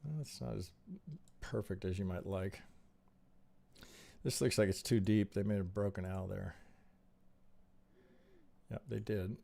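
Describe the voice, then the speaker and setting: A man reviewing trading charts on a live stream, talking in an animated, rhetorical way with frequent restarts and tag questions. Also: on the low side, unhurried, gravelly, pauses often.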